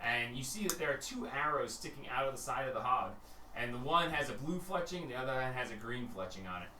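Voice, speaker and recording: A man's voice: medium pitch, lively intonation, fast talker, bright, forceful tone, far from the mic. A man narrating as game master for a tabletop game, laid-back and rambling. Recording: echoey room, from off mic, faint noise.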